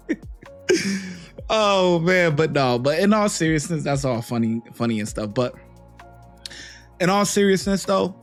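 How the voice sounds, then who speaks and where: A man's voice: on the high side, expressive, moderate pace, pauses often, soft background music. A man hosting a reaction video, giving laid-back, slangy commentary and laughing often. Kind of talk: casual commentary on bodycam footage.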